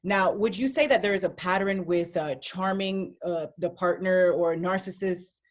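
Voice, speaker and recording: Interview host, measured, hesitant phrasing with fillers. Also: mid-range voice. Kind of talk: interview talk.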